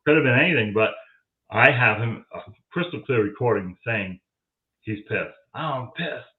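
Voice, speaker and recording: Speaking at a normal speed with an expressive, medium-pitched voice, a guest paranormal audio investigator relates a story casually, acting out what others said. The audio comes through a tinny, phone-like line.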